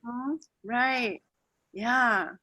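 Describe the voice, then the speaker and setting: A woman speaking as an interview guest, soft and hesitant, with many pauses and fillers. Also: fairly high pitch, no room sound. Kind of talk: reflective spiritual interview.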